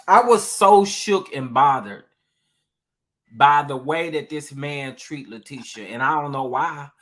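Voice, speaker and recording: Animated slangy voice recapping reality TV. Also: medium pitch, takes it slowly, pauses often. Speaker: co-host. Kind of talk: casual reality TV recap chat.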